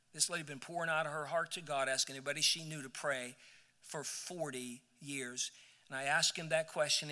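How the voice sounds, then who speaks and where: A man's voice: a little high, sharp tone. A man preaching a sermon, telling a story with many repeated words and rising to emphatic peaks. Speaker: pastor. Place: church sanctuary. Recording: church hall with long reverb.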